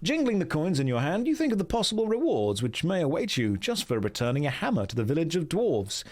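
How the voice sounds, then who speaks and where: A man's voice: fairly high pitch, wildly swooping pitch, quick pace. A man from England with an English accent, reading a fantasy gamebook aloud on a livestream and breaking off into jokey asides. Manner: jokey asides, laughing at himself. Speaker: streamer.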